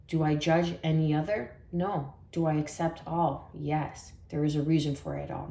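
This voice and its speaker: A woman from Canada giving a spiritual tarot reading in a soft, meandering way, with many fillers and affirmations. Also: deep voice, steady tone, normal speed, few pauses, reverberant. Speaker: tarot reader.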